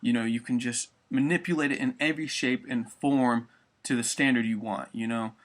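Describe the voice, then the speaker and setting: A man's voice: mid-range voice, steady tone, moderate pace. A young man giving a casual spoken vocal tutorial, rambling loosely and swearing often.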